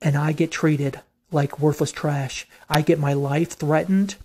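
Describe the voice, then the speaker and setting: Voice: mid-range voice, steady tone, unhurried, darkish tone, slightly rough. Heated, profane vlogger venting a grievance. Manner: aggrieved, insistent. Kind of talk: venting monologue.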